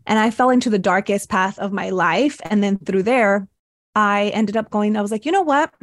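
An earnest woman speaks as a podcast guest, recounting her path to breathwork mentoring in casual conversation. She voices her old thoughts as little quoted asides, at a medium pitch. The sound is close and dry. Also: fairly even intonation, normal speed, dry recording. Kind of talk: casual interview storytelling.

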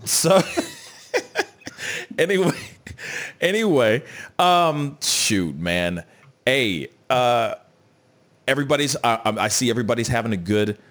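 Brief: male host, lively sing-song delivery, playful, chatty, reads viewer comments on air. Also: mid-range voice. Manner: animated, joking, greets viewers and reads chat aloud. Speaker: show host. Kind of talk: casual live news chat.

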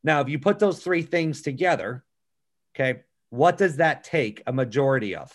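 A man's voice: mid-range voice, animated, moderate pace. A middle-aged man giving a motivational talk on a call, earnest and storytelling, often checking in with "okay" and "right?". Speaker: business speaker on a call.

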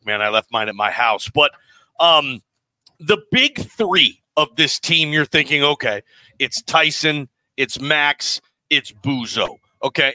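An American man talking sports on the radio, chatty and quick to get excited as his thoughts jump around. His voice is bright and fairly high for a man, recorded close with a dry sound. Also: no echo. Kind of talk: casual sports talk.

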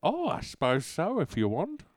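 A comedy podcaster who slips into a rambling, put-on radio-host patter. His pitch swoops widely from line to line. The recording is dry and close. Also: wildly swooping pitch, normal speed, dry recording. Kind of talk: improvised comedy radio bit.

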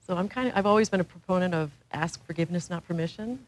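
Woman panelist, lowish voice, frank and jokey. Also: fast, rough recording. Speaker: panel speaker. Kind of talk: casual talk on a panel.

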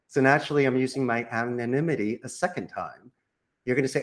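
A man who runs a call center, a guest on a podcast, coaching listeners on phone sales with lively acted-out sample calls. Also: a little high, a little fast. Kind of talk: podcast interview, coaching monologue.

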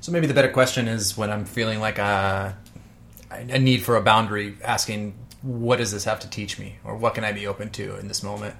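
Calm low-voiced male host. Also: fairly quick, creaky. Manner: calm, reflective, agreeable. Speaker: podcast host. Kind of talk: casual interview chat.

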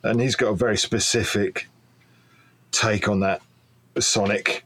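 A man talks as a podcast guest in a loose, rambling way with plenty of fillers. His voice sits fairly low. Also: measured pace. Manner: relaxed, rambling, many fillers. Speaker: guest, pedal maker. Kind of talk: casual interview chat.

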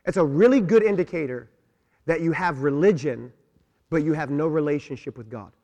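A man's voice: a little high, fairly quick, dark tone, highs cut off. A man preaching a sermon as senior pastor, emphatic, repeating key words and asking his congregation questions. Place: church sanctuary. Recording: long church reverb.

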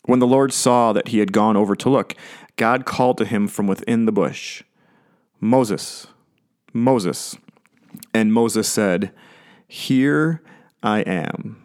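Guy preaching a laid-back sermon, kinda low voice, jokes around while retelling bible stories. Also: steady tone, moderate pace, darkish tone. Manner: conversational and jokey, paraphrasing scripture in everyday speech. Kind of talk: casual sermon.

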